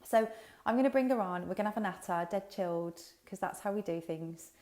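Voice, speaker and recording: Her medium-pitched, slightly mellow voice moves fairly quickly as this business coach hosts a casual livestream chat. She addresses viewers directly and curses freely in an unfiltered, talkative way, using a headset mic.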